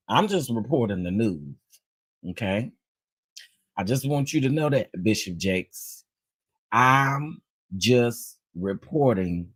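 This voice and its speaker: Husky-voiced man greeting livestream viewers. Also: mid-range voice, dry recording. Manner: animated, greets viewers one by one, playful. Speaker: livestream host. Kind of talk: casual livestream chat.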